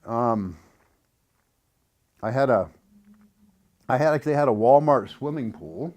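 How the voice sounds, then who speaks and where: A man giving a casual how-to explanation in an earnest, hesitant way, with many fillers and restarts and softly chanted syllables. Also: mid-range voice, expressive, a little slow. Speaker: instructor demonstrating a build.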